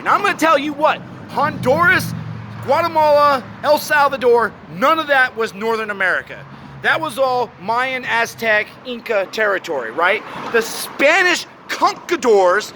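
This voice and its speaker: A man in his forties delivers a rambling, profane rant straight to camera, blunt and unfiltered. His voice sits high and has a bright, sharp edge. He is outdoors, with faint traffic noise behind him.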